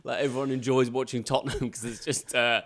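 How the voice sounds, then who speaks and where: Bloke cohosting a sports pod, mid pitch, dry teasing pushback. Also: male voice, little pitch movement, quick pace, fairly bright tone. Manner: wry, teasing devil's advocate. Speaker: podcast co-host. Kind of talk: casual sports podcast chat.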